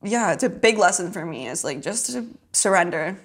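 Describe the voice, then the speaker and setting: A woman's voice: fairly low pitch, lively intonation, normal speed, a crowd in the background. A young woman in casual conversation, laughing often, saying "like" constantly and swearing offhandedly. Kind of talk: casual chat.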